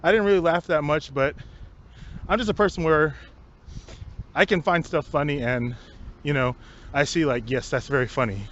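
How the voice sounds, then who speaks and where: A man's voice: a little high, normal speed, long pauses. A man with a slightly raised voice tells a story to his vlog audience, swearing freely and laughing between lines. The recording is muffled and lo-fi, with a faint hiss behind him. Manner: profane, laughing often, animated storytelling. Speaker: vlogger. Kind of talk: casual storytelling rant. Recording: dull lo-fi recording with faint noise.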